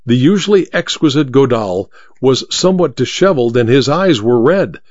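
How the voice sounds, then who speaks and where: A man reads an audiobook in an expressive storytelling manner, his voice at a middle pitch. His delivery is animated, moving widely through its range. The recording is dry and dull, with a lo-fi sound. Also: normal speed, no room sound. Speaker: narrator. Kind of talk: audiobook narration.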